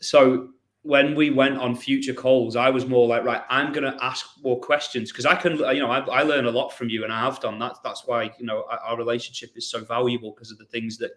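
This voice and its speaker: A man's voice: medium pitch, flat delivery, a little fast, a bit bright. A man hosting a podcast in a casual, chatty way, often restarting and repeating words. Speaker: podcast host.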